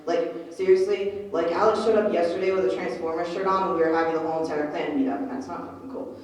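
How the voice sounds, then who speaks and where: A young woman telling a comedic story on a convention panel, animated and swearing as she acts out voices. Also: fairly low pitch, fast talker. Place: large echoey convention hall. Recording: echoey hall from far off.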